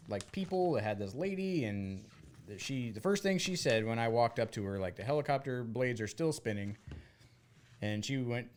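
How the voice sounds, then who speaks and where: A man co-hosting a podcast, telling stories in a relaxed, animated way and acting out the voices of the people in them. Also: on the low side, a little hiss or hum. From United States. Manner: animated storyteller, acts out quoted voices. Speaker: podcast co-host. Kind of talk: casual podcast chat.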